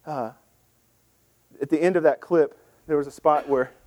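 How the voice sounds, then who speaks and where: A man preaching a sermon in a lively, conversational way, acting out the people in the scripture story in voices. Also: a little high, normal speed. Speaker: pastor.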